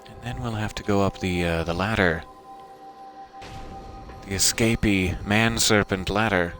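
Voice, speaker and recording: A man's voice: lowish voice, measured pace, fairly bright tone, faint music behind. A man streaming a video game live, commenting in a playful, mock-formal joking way.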